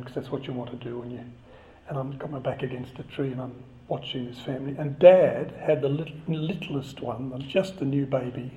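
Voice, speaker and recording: A man's voice: fairly high pitch, warm tone. A man giving a chatty, conversational sermon and joking with the congregation. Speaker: preacher. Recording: echoey, slightly dull church recording.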